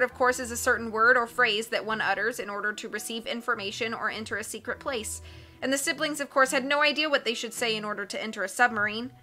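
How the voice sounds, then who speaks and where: A woman reading a novel aloud as an audiobook narrator, expressive and lifting her voice for dialogue. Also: on the high side. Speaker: audiobook reader.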